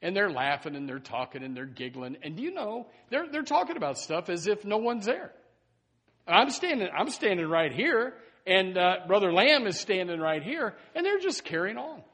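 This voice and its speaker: A man preaching a sermon in a church, animated and full of stumbling restarts and repeated words. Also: high voice, normal speed, slightly rough. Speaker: pastor. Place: church sanctuary. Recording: long hall reverb.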